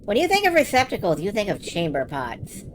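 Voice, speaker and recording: A woman's voice: medium pitch, wildly swooping pitch, a little fast, background noise. A woman streamer giving casual, irreverent commentary on a game she is playing live, with wry remarks and swearing.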